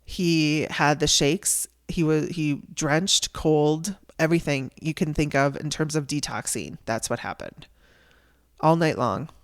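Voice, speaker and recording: A woman with a low voice, speaking a little slowly, hosts a podcast and tells a raw personal story. She is candid and emotional and swears casually.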